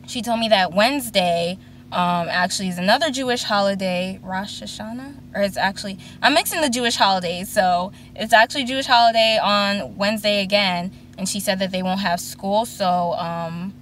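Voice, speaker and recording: A woman's voice: mid-range voice, fairly bright tone, a little hiss or hum. A woman in her twenties vlogging from a parked car, telling a long story and acting out the voices of the people in it. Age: 20s. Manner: chatty storytelling, acts out quoted voices. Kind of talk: casual chat.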